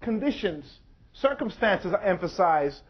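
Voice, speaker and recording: Guy giving a talk at a college, slow and deliberate, kinda high voice, muffled lo-fi sound. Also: sing-song, slightly rough. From United States. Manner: slow, measured, deliberate delivery. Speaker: speaker. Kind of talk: public talk. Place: university lecture hall.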